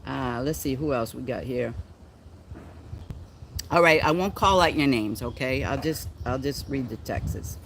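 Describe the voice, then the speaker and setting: A man from the United States hosting a casual livestream chat, reading viewer comments slowly and halting often, with a playful, theatrical, diva-like manner. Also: mid-range voice, gravelly, fairly bright tone, a little hiss or hum. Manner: slow and halting when reading comments, many ums. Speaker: livestream host.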